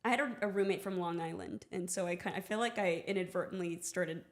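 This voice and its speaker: A woman's voice: fairly low pitch, quick pace. A young woman hosting a podcast, chatting casually, joking, swearing freely and laughing often. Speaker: podcast host. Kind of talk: casual chat.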